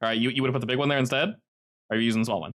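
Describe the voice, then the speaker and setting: Man, game master, tabletop narration, middle pitch, excitable pitch leaps, online call mic. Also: very fast. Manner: lively narration with animated pitch jumps.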